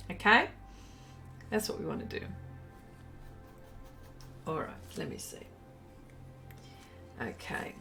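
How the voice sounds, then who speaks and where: An Australian woman chatting her way through a painting live stream in a somewhat high, unhurried voice. She reads viewers' comments aloud and laughs easily between remarks. Soft music plays faintly in the background. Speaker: art live-stream host. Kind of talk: casual live-stream chat while painting.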